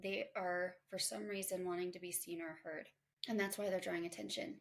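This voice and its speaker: Candid woman with a gravelly edge. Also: fairly low pitch, fairly even intonation, fairly quick. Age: adult mother. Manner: candid, conversational, self-reflective. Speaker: podcast host. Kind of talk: casual self-help monologue.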